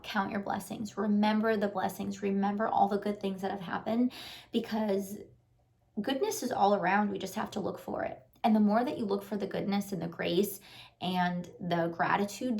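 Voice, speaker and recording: Earnest woman with a gravelly edge. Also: mid-range voice, darkish tone. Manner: earnest, repetitive encouragement; casual, with frequent "like" fillers. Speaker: lifestyle vlogger and life coach. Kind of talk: motivational talk to camera.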